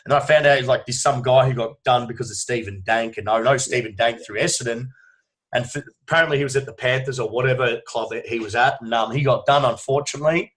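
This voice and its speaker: The guest is an Australian man who coaches strength and conditioning, chatting casually on a podcast with free-flowing swearing and long, forceful anecdotes. He talks fast, with a medium pitch and a slightly bright tone.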